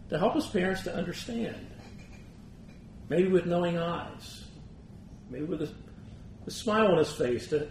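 A man's voice: on the high side, darkish tone, a little hiss or hum. Earnest man preaching in an echoey room. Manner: earnest, rises to emphatic peaks on key points. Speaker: pastor. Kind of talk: expository sermon.

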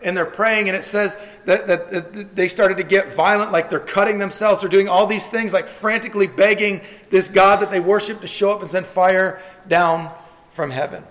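An earnest male pastor preaching to his congregation, often doubling words as he begins a thought. His voice sits high for a man. The sound carries a long church-hall reverb. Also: steady tone, normal speed, fairly bright tone. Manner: earnest, repeats words when starting phrases. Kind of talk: sermon. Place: church sanctuary.

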